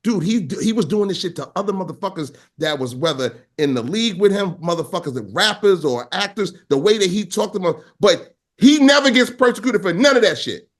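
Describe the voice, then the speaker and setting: A man co-hosting a podcast tells profane stories with a lively, swooping delivery. His voice sits high for a man, and he acts out the people he quotes. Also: fairly quick, few pauses. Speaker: podcast co-host. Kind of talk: casual storytelling chat.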